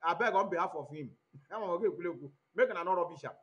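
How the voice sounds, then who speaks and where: A man with a Nigerian accent hosting an online commentary stream, talking in an animated way and switching between Igbo and English mid-sentence. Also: high-pitched, very fast. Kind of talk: livestream commentary. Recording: dull lo-fi audio.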